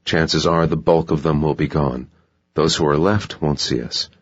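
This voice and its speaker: Terse guarded operative, played by a man, very deep voice, husky, dull dry recording. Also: steady tone, normal speed, no room sound, exaggerated voice. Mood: reassuring. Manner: terse, controlled. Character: calm, guarded male operative.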